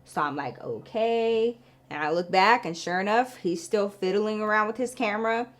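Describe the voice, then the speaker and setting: A woman in her thirties telling a story to her viewers in a casual, animated way, swearing freely. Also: mid-range voice, fairly quick. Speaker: vlogger.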